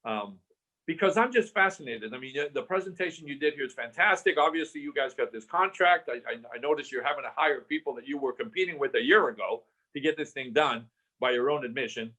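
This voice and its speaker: A man's voice: mid-range voice, animated, a little fast, bright, forceful tone. An older man guest from Southern California telling a story in a podcast interview, acting out the voices he quotes and restarting his phrases often.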